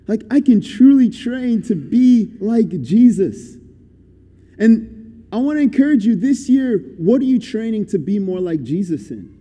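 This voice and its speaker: A man's voice: sits high, expressive, a little slow, mellow. Young man preaching in an echoey hall. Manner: conversational, upbeat and encouraging. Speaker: guest preacher. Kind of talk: sermon. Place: church hall.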